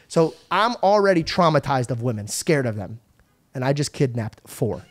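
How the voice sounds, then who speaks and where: Young guy podcast host, super animated, swears a ton, voice bounces up and down. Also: mid-range voice, normal speed. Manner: animated, swears a lot, acts out quotes. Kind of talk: casual storytelling.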